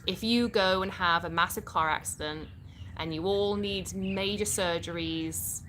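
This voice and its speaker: A woman's voice: fairly low pitch, unhurried, a bit bright, slight background noise. A British woman from the UK hosting a casual live stream, answering viewer comments in a chatty way and laughing often.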